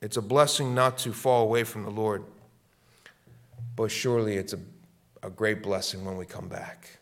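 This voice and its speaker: A middle-aged man preaching a sermon as pastor, repeating his lines and swinging between loud, fervent peaks and hushed, quiet passages. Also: lowish voice, steady tone, moderate pace.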